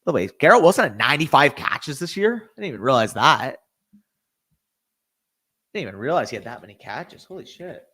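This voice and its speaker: A man's voice: medium pitch, big pitch swings, a little fast, pauses often, a bit bright, breathy edge. A young man hosting a casual live stream, reacting to events and talking to his chat. He swears freely and gets worked up. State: tired, hiccuping.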